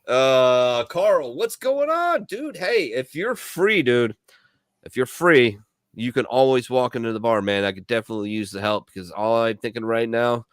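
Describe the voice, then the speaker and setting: A man's voice: mid-range voice, expressive, moderate pace, no echo, clean studio sound. A man from Milwaukee, a veteran co-host of a radio show, rambling through profane stories in casual chat full of fillers.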